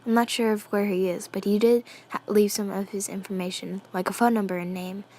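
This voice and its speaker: A woman voicing a kind young nurse in a read-aloud story, speaking gently. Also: medium pitch, steady tone, fairly quick, close to an everyday voice. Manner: gentle, soft-spoken.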